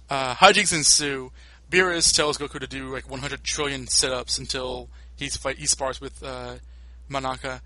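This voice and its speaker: Bright-voiced man rambling through a recap. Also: mid-range voice, a little fast, no echo, rough recording. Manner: rambling, many fillers and restarts. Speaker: podcast host. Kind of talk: casual recap chat.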